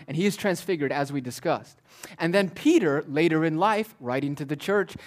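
A pastor preaching a sermon, moving between forceful declarations and quiet, almost whispered asides. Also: male voice, a little high. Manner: swings from loud declaring to hushed near-whispers.

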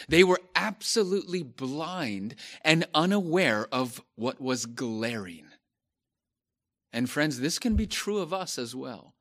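A man preaching a sermon, slow and emphatic, repeating phrases and rising to stress key points. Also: medium pitch, a bit bright.

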